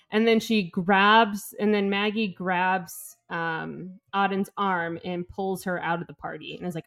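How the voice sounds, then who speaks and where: A woman talking casually with a co-host about a novel, recapping scenes. She acts out the characters' lines with quick, animated voices as she tells the story. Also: on the low side, vocal fry. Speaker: podcast co-host. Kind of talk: casual book-club chat, retelling chapters.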